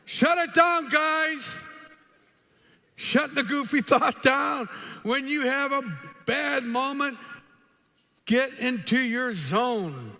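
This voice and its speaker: An older man giving a live motivational speech, an animated storyteller who acts out quotes and throws in punchy asides. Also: extremely high pitch, slow pace, pauses often. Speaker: motivational speaker. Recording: hall reverb, faint ambience.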